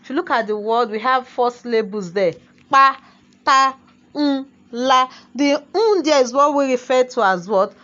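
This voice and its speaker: A woman with a slightly high voice gives a language lesson. She switches between Yoruba and English and keeps asking "what?" to draw answers from her class. The sound is muffled and lo-fi. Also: expressive, a little fast, hardly any pauses. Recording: dull lo-fi sound.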